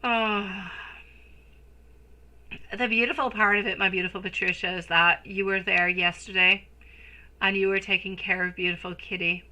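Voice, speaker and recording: A woman's voice: lowish voice, bright, forceful tone, low-quality recording. A woman reading tarot on a live stream, gushing over viewers and calling them sweetie and my love. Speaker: tarot reader.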